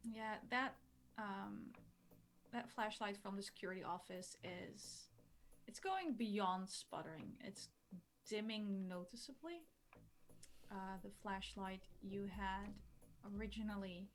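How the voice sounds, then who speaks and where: A woman's voice: medium pitch, takes it slowly. A woman running a tabletop horror game as game master, narrating the scene and checking in with the players.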